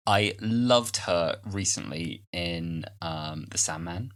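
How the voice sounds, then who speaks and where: A man's voice: sits low, fairly bright tone. A man in his twenties co-hosting a podcast in casual chat, with self-deprecating asides. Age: 20s. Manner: chatty, self-deprecating asides, quick bursts. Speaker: podcast co-host.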